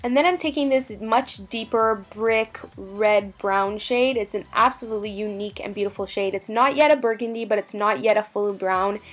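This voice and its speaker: A woman's voice: medium pitch, normal speed, hardly any pauses, soft background music. A young woman talks through her makeup routine in a bubbly, gushing voice-over. Her delivery is chatty and enthusiastic, a casual tutorial narration. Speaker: beauty vlogger.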